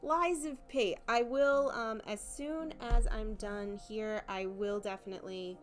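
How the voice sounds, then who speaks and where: On a home art stream, a young woman paints and chats in a relaxed, self-mocking way, tending to say things more than once. She speaks a little slowly in a slightly high, steady voice, with soft music behind her in the living room.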